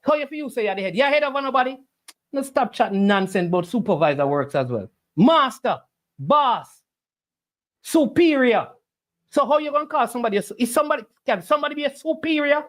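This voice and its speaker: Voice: sits high, expressive, a little fast. A livestream host, arguing back at the chat with preachy rhetorical questions. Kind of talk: casual argumentative livestream talk.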